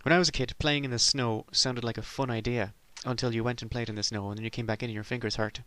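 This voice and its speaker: A man's voice: medium pitch, fairly even intonation, fast talker, sharp tone, no echo. A middle-aged man from Ireland delivering a sardonic, rambling comic monologue as a podcast host.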